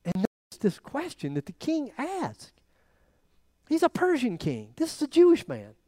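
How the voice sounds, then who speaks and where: A pastor with a high, light voice tells a personal story in a sermon at a slightly slow pace. His animated delivery rises to loud emphasis and drops to near quiet, and the recording is dry and close.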